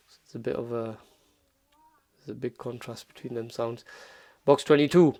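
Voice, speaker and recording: A man teaching Quranic pronunciation in a relaxed tutorial, patiently repeating sounds slowly. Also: medium pitch, dry recording. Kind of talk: relaxed tutorial, modelling Arabic phrases slowly.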